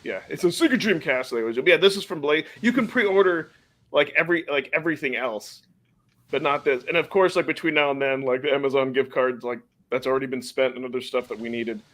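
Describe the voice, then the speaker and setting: A man's voice: medium pitch, quick pace, fairly bright tone. A man hosting a casual podcast chat, chatty and laughing often, sometimes stumbling over names. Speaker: podcast host.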